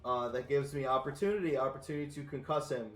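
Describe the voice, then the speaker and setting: A man's voice: mid-range voice, fast, reverberant, soft background music. A man playing a tabletop game over a voice call, brash and joking, swearing now and then. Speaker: player. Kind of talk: casual game chat. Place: online voice call.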